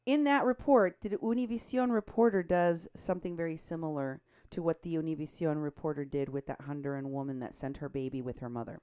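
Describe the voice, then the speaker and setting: A woman co-hosting a political talk show, animated and indignant, her voice jumping up when she is outraged. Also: low-pitched, brisk, few pauses, clean tone. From Mexico. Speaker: co-host.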